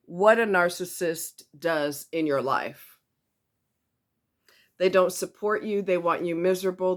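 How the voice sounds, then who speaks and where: This woman from the northeastern US has a voice on the low side. She's a self-help vlogger talking casually to camera, chatty and quick to laugh, and she repeats words for emphasis.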